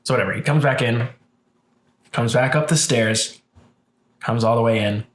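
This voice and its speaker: A man's voice: mid-range voice, normal speed. A man in casual podcast chat, telling a story with lots of swearing and acting out what people said. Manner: animated storyteller, acts out quotes, swears freely. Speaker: podcast co-host. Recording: echoey room.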